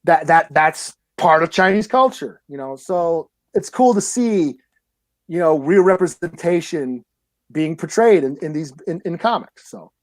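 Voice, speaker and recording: A man co-hosting a comic podcast, speaking haltingly with many restarts and fillers. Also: a little high, expressive, no echo. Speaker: podcast co-host. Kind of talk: casual comic book review chat.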